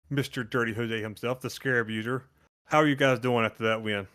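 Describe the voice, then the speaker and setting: A man's voice: mid-range voice, fairly even intonation, a little fast, a bit bright. A man hosting a casual post-match interview in a joking, chatty way. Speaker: show host and team manager.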